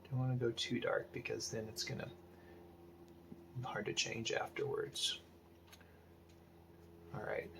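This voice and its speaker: Gravelly-voiced man muttering through a drawing. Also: fairly low pitch, slight background noise. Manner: thinking aloud, hesitant, muttering asides half-whispered. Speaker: art instructor. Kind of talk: casual drawing tutorial talk-through.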